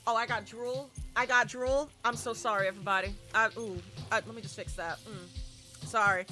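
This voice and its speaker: High-pitched excitable woman streamer. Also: normal speed, faint music behind. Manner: excitable, dramatic, talks to chat and screams at the game. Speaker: horror game live streamer. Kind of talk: live gameplay commentary with chat.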